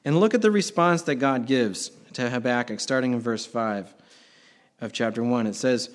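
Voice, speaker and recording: A man's voice: medium pitch, normal speed. Emphatic conversational male preacher. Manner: conversational and emphatic, with sudden swells in volume. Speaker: pastor. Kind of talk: sermon.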